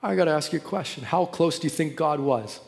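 A man preaching a sermon, telling a story dramatically and drawing quoted prayers out slowly, then building to emphatic preaching. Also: on the high side, creaky, darkish tone. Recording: long echoing reverb of a large hall.

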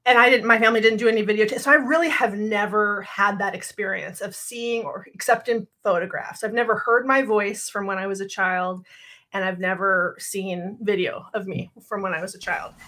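A woman's voice: medium pitch, steady tone, brisk, sharp tone. A middle-aged woman co-hosting a podcast, chatting casually with frequent laughs and rambling restarts. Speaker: podcast co-host. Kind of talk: casual chat.

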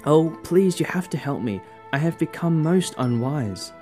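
A man's voice: medium pitch, normal speed, dark tone, soft background music, natural voice. A man voicing Piram, a restless, foolish long-bearded young man in a storybook, pleading and lamenting.

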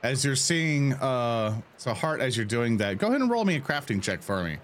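A man's voice: medium pitch, very animated, moderate pace, background noise. A man running a tabletop game as game master, chatty and loose, laughing easily.

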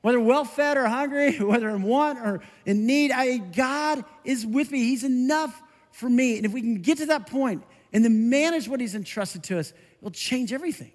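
A middle-aged male pastor preaching a conversational, animated sermon. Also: very high voice, moderate pace, in a large hall. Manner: conversational, animated, self-interrupting with laughs.

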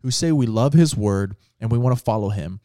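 Man with a lively, mellow voice. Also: fairly low pitch, brisk, no echo, clean studio sound. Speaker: podcast co-host. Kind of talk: casual faith chat.

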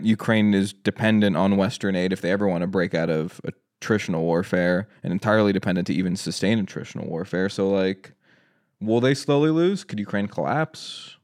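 A man debating the war on a casual podcast, speaking in halting bursts full of "like" and "right?". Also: fairly low pitch, darkish tone. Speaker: podcast guest.

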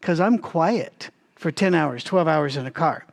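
Man with a slightly high voice for a relaxed, lively Bible-study teaching read, addressing the audience directly. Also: measured pace, vocal fry. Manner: animated, talks to listeners directly, frequent restarts.

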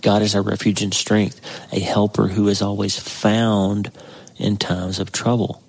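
A man with a very low, gravelly voice talks through scripture for a devotional podcast. He is earnest and encouraging, slowing down to stress key words. There is a slight huskiness under his speech. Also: flat delivery, poor audio. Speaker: podcast host. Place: indoors by a window.

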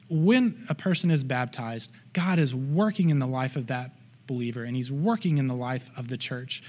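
A man's voice: medium pitch, normal speed, darkish tone. A man preaching a sermon in church, in an earnest, conversational way with frequent asides to the congregation. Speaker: pastor.

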